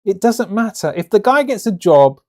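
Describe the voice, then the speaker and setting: A man's voice: high voice, sing-song, moderate pace, darkish tone. A man hosting a live stream, rambling and ranting about a game trailer in casual reaction commentary. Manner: rambling, ranty, lots of restarts and fillers.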